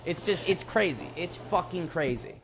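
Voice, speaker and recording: Animated, exasperated podcast man. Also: sits high, normal speed, slight background noise. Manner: animated, exasperated, swears, acts out quotes. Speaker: podcast co-host. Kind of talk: casual recap chat.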